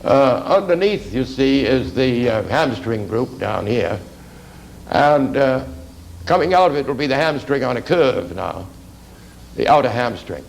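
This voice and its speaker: A man's voice: mid-range voice, animated, a little slow, gravelly, a little hiss or hum, low-quality recording. A man teaching anatomy for artists in a rambling, conversational lecture, full of fillers and asides. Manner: rambling, conversational, lots of fillers and "you see".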